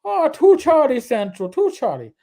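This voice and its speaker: A man's voice: extremely high pitch, huge pitch swings, normal speed, mellow, voice pushed up, exaggerated voice. A man voicing a jolly Irish beat cop calling in over the police radio. He does it in a hammy, sing-song Irish brogue. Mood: playful.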